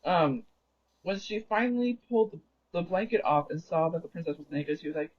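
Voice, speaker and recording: Rambling man with a husky, raised voice. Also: a little high, animated, brisk. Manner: rambling, often correcting himself mid-sentence. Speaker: gaming livestreamer. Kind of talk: casual storytelling while gaming. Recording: dull lo-fi recording.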